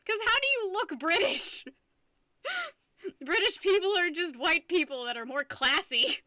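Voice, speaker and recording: Young woman, high-pitched, bright tone, dry close sound, giggly live-stream chatter, restarts a lot. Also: animated, measured pace, dry recording. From United States. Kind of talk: casual live-stream chat.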